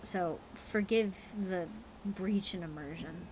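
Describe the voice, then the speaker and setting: A woman's voice: lowish voice, takes it slowly, noisy background. A tired woman reading a horror story aloud on a live stream, earnest but cursing at her own slips.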